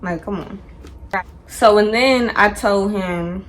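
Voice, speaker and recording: Animated young woman telling a storytime. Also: mid-range voice, takes it slowly. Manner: animated, slangy, acts out quotes. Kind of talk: casual storytime.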